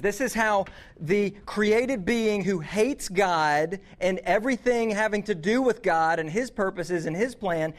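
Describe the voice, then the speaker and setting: A man giving a youth sermon, casual and conversational, with frequent restarts and slang. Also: high voice. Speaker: youth pastor.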